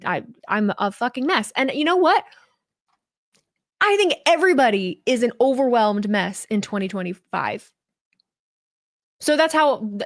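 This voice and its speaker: A woman host with a slightly high voice, talking candidly on a live stream. She rambles through her thoughts, restarting sentences and swearing freely, in an easy, casual chat. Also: fairly bright tone.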